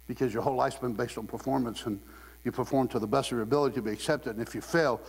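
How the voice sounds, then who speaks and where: Animated male preacher in echoey church. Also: mid-range voice, very fast, slightly rough. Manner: animated storyteller, acts out quotes in raised voice. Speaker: guest preacher. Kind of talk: sermon with humorous stories. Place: church sanctuary. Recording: long hall reverb, mains hum.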